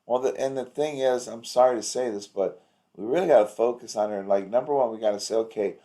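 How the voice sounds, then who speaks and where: A man with a warm, mid-range voice talks a little fast while coaching a practice owner over video call. The chat is casual, and he rambles through anecdotes in an upbeat, encouraging way.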